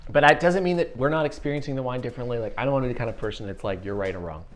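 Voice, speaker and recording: Guy hosting a wine tasting, jokey and playful, mid pitch. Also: rapid-fire. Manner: jokey, animated, playful banter. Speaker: wine reviewer host. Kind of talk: casual chat, wine tasting.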